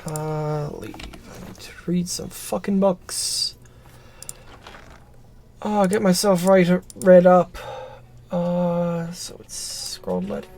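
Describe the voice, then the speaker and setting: A woman's voice: fairly low pitch, animated, takes it slowly, pauses often, dark tone, a little hiss or hum. A woman streaming a game, reading its text aloud and muttering to herself, swearing casually.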